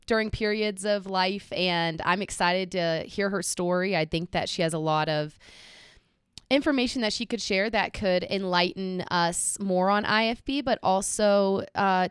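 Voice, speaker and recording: A woman's voice: lowish voice, moderate pace, clean tone, no echo, studio quality. A young woman hosting an interview podcast, chatty and encouraging, full of likes and ums. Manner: warm, chatty, many fillers. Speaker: podcast host.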